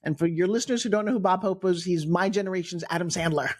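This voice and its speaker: A middle-aged woman from New York with a New York accent, telling her own life story on a podcast in an animated way, acting out the people she quotes. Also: on the low side, quick pace, breathy edge. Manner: animated, acts out quoted voices, frequent restarts. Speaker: guest storyteller.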